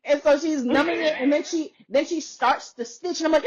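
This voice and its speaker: A woman's voice: high-pitched, fairly quick, hardly any pauses, slight background noise. A woman podcaster in a casual chat, telling a story with lots of laughter and acting out what others said. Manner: animated, laughs often, acts out quoted voices. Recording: dull lo-fi sound.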